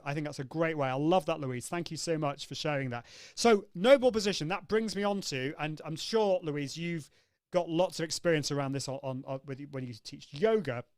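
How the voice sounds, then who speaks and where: A man's voice: on the high side, clean tone, no room sound, studio quality. A man hosting a live online coaching session, upbeat and demonstrative, acting out vocal exercises as he explains them. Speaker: host.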